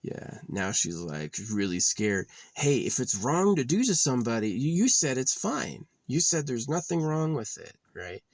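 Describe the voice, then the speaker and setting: A man's voice: medium pitch, big pitch swings, normal speed, hardly any pauses, dry recording. A man delivering a bitter, profane, rambling monologue as a vlogger.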